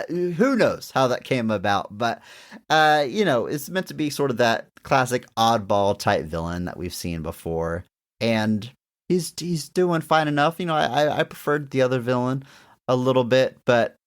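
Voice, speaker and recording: Low-voiced man casually reviewing a film. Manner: rambling, hedging with restarts. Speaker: podcast co-host. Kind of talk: casual movie review chat.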